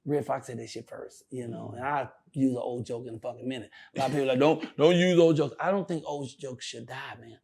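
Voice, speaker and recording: An older male comedian telling stories in a casual interview, profane and animated, often laughing. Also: mid-range voice, quick pace, vocal fry, few pauses, breathy edge.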